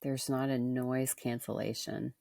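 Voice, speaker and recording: A woman's voice: extremely low pitch, steady tone, a little slow, creaky, dark tone, no room sound, studio quality. A woman from the United States hosting an interview over a video call, asking questions with eager curiosity. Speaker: host. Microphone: headphones on a video call.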